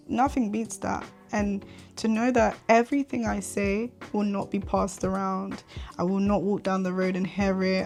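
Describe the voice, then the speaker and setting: Earnest woman with a gravelly edge. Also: mid-range voice, darkish tone. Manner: earnest, candid, emphatic repetition. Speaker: podcast host. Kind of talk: faith podcast monologue.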